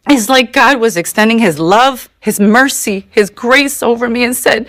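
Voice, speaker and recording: A woman's voice: fairly high pitch, a bit bright, dry recording. A woman giving an earnest, emotional personal testimony. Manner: earnest, emotional, slow in places. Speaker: testimony speaker.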